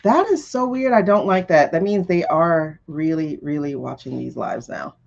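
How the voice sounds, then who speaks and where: Blunt, animated woman tarot streamer. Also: low-pitched, normal speed, creaky, dull audio. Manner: blunt and animated, swears freely, laughs often. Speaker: tarot reader hosting a live stream. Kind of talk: casual live-stream chat.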